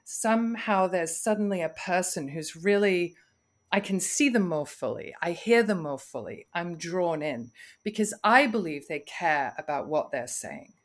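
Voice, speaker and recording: A woman, a communication coach guesting on a podcast, speaking in a measured, instructive way with deliberate breaths and pauses. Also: lowish voice, expressive.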